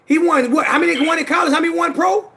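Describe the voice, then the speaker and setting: Gravelly and very high-pitched, this host in his forties talks quickly on a live sports broadcast. He argues loudly, swapping fiery trash talk and hammering each point by saying it again and again.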